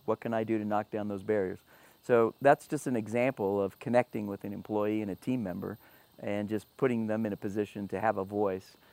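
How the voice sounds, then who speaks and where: A man's voice: lowish voice, darkish tone, no room sound. A man talking earnestly as a guest about running a business and treating staff well. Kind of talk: casual panel talk.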